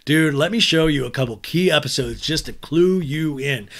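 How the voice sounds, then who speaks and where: A man's voice: a little high, normal speed, a bit bright. A man hosting a podcast, giving a chatty, crude comedic recap of a reality show. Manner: chatty and crude, acting out the cast's lines in mock voices.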